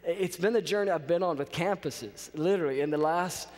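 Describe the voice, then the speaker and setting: Animated male chapel storyteller, echoing hall. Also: on the high side, brisk. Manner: animated storyteller, checks in with "okay?". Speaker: college chapel speaker. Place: college chapel.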